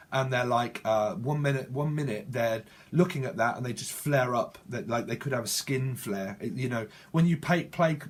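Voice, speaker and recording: A man giving a channeled tarot reading in a rambling, repetitive way, often correcting himself mid-word. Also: mid-range voice. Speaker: tarot reader.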